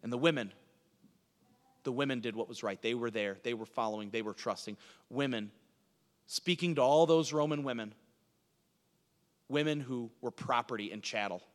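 A pastor preaching a sermon, swinging from hushed lines to loud, urgent passages. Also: male voice, medium pitch, normal speed, pauses often, in a large hall.

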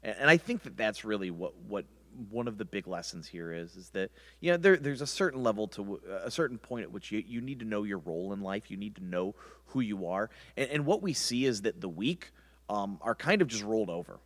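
Lively, low-voiced male Bible teacher. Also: fairly quick. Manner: rambling, conversational, many restarts.

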